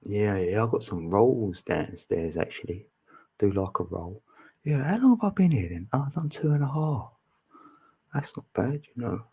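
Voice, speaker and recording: A man's voice: lowish voice, animated, normal speed, vocal fry, dark tone, husky. A man, chatting casually with viewers on a live stream, laughing often and teasing them.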